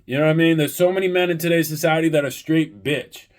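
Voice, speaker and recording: Brief: profane business-owner man, fairly high voice, blunt preachy vlog rant. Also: fairly even intonation, fast. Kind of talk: ranting vlog monologue. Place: hotel room.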